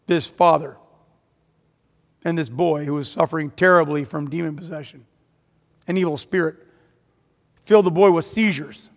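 A man's voice: a little high, moderate pace, long pauses. A man preaching a sermon, retelling a story dramatically and rising to emphatic peaks. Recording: long hall reverb.

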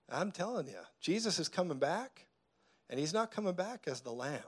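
Preaching man with a fairly high voice. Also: big pitch swings, fairly quick. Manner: preaching with humor, acting out voices; swings from quiet intensity to loud laughing bursts. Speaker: pastor. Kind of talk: sermon.

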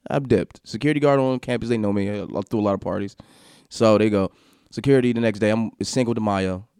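Low-voiced man telling a wild story. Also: fast talker, smooth, no echo, clean studio sound. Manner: animated, laughing, swearing, acts out quotes. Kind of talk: casual storytelling.

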